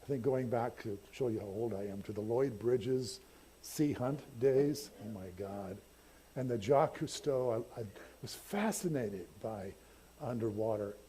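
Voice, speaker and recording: A man's voice: medium pitch, mellow, slight background noise. An older man, a pastor, telling a personal story in a conversational, self-deprecating sermon. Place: church sanctuary.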